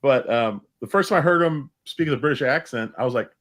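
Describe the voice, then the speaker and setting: A man's voice: medium pitch, animated, fast, fairly bright tone. A man co-hosting a casual chat show who talks in a friendly, easygoing way and greets viewers. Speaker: podcast co-host.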